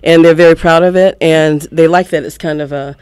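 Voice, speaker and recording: A man hosts a casual radio talk, lively and explanatory, laughing easily. His voice sits fairly high and sounds smooth and clear. The studio microphone gives a close, dry sound. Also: brisk, no room sound. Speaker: radio show host.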